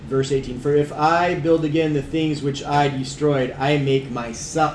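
A man's voice: a little high, fairly even intonation, measured pace, few pauses. A man leads a casual Bible study in a slightly raised voice, stressing key words and tossing questions to his listeners. The room rings with echo, and a faint hum sits behind him. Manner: emphatic, asks the group questions, reads verses aloud. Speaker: Bible teacher. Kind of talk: conversational Bible study teaching.

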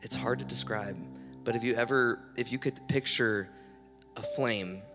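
A man preaches at a church service in a relaxed, conversational tone, full of fillers and restarts. His voice sits at an ordinary middle pitch. When he prays, he drops to a soft, slow hush, with instrumental music clearly playing underneath. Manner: casual, conversational, with fillers and self-corrections; softens to a hushed, slow voice in prayer. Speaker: guest preacher. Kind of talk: charismatic church sermon and prayer.

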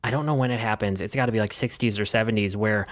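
A man co-hosting a casual movie review podcast, chatting in a relaxed way with plenty of fillers. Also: lowish voice, fast talker. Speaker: podcast co-host.

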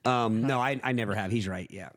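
A man's voice: fairly low pitch, a little fast. A man co-hosting a podcast, self-deprecating and laughing often in casual chat. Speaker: podcast co-host.

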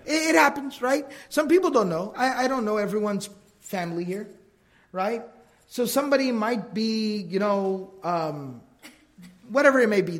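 A man with a notably high voice lectures a religious class in an easy, talky way. He keeps asking "right?" and slips into quick impressions of the people he quotes. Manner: acts out quoted remarks. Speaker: religious teacher.

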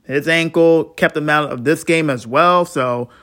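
A man's voice: a little high, measured pace, a bit bright. Frustrated man ranting on a podcast. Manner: frustrated, swings between muttering and heated outbursts; blunt, swears freely. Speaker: podcast host. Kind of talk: solo sports podcast rant.

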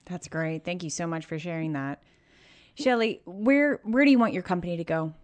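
A woman's voice: fairly low pitch, animated, moderate pace, darkish tone. A woman hosting a podcast interview, asking questions in an encouraging way. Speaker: podcast host.

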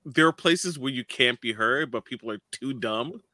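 A man co-hosting a loose chat, laughing often and halting on plenty of fillers. His voice is bright and forward, recorded close and dry. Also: medium pitch, no room sound. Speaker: podcast co-host. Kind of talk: casual chat.

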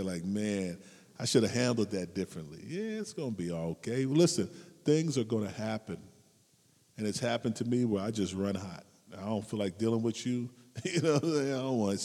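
A man preaching a casual, humorous sermon, swinging between loud high outbursts and quiet asides and laughing often. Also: big-room sound.

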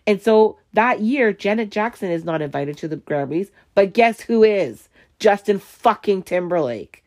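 A woman's voice: medium pitch, expressive, unhurried, darkish tone. A woman hosting a solo podcast, ranting heatedly and swearing a lot. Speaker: podcast host.

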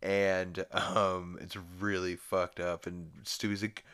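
A man's voice: low voice, level tone, slow, a bit bright, clean tone. A man hosting a podcast, recapping a cartoon episode in a rambling, profane, laid-back way. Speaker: podcast host.

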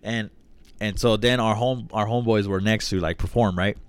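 Low-voiced slangy young man telling a story. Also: normal speed, clear, resonant tone, dry recording. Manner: slangy, profane, animated storytelling with acted quotes. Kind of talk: casual storytelling.

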